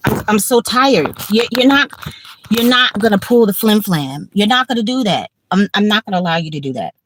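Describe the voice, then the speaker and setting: A woman's voice: mid-range voice, animated, brisk, background noise. A woman in her fifties, tired and blunt, talking casually on a livestream with profanity and repetition. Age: 50s. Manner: blunt, profane, repeats herself. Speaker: livestream host.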